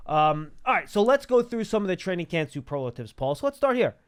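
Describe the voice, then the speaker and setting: A man hosts a casual sports talk show in a studio. He talks quickly in a slightly raised voice, chatty and full of restarts. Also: high voice, big pitch swings, clean tone. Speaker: podcast host.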